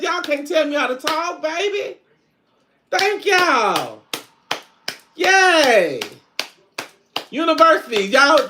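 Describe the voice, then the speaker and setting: A man's voice: very high-pitched, bright, forceful tone, slight background noise, full character voice. A man playing a sassy middle-aged country woman, chatting in country slang on a live stream. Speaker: livestream host. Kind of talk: casual live-stream chat.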